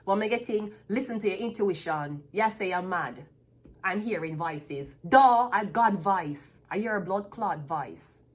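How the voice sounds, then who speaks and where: Husky lady ranting at the camera, swears a lot, blunt and loud about it. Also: lowish voice. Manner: profane, blunt, emphatic, laughs often. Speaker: tarot reader. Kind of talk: unscripted rant to camera.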